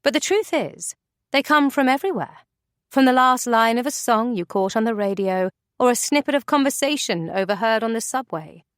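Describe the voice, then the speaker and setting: A woman narrating an audiobook in an expressive, measured way. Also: on the high side, no echo, studio quality.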